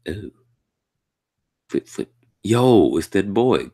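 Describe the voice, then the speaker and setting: A man reading a manga chapter aloud and reacting to it in a casual, slangy way, with excitable outbursts. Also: rumbling low, normal speed, long pauses.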